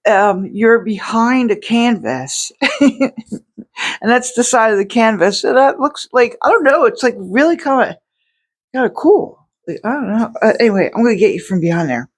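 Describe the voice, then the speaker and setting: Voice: mid-range voice, expressive, normal speed. Rambling artist vlogging from a home studio. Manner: rambling, self-interrupting, lots of restarts and fillers. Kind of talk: casual vlog talk. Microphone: separate microphone.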